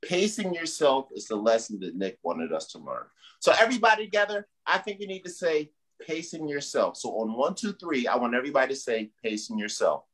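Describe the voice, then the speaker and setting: A man's voice: medium pitch, fast, few pauses. A man emceeing a comedy show, leading the audience in chants and call-outs. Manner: animated, leads crowd chants.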